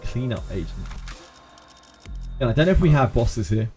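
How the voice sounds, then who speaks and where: A man's voice: medium pitch, big pitch swings, moderate pace, dark tone, faint music behind. Chatty Cornish man streaming a game. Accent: Cornish English. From Cornwall, England. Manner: chatty, laughs often, sings snatches of sea shanties. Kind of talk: casual gameplay commentary.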